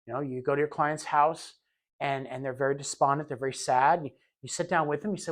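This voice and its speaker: A man teaching a recorded training lecture for healthcare aides, talking in a relaxed conversational way, often repeating words as he restarts a thought. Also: fairly high pitch, brisk. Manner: conversational, acts out little scenes in quoted voices.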